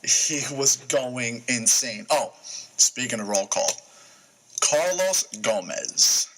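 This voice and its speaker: A young male host runs a casual sports talk show at a middle pitch. He is emphatic and likes to pose a question and answer it himself. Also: big pitch swings, slow, a bit bright, slight background noise, rough recording. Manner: emphatic, asks and answers his own questions.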